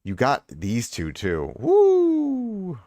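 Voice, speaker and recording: Rambling low-voiced male streamer. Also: moderate pace, no room sound. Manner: rambling, repeats himself for emphasis. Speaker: streamer reviewing viewers' game accounts. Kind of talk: casual live-stream chat.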